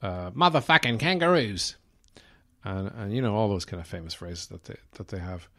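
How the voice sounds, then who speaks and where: Here the Irish podcast host sounds low-pitched and somewhat dark, keeping an even tone while talking fairly quickly. It's a rambling, wry and casual comic monologue, thick with fillers.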